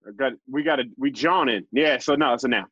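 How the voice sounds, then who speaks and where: A man's voice: medium pitch, fast talker, a bit bright, husky, dry recording, lo-fi sound. A man from New York in a laid-back, playful group chat on a podcast call. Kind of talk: casual chat.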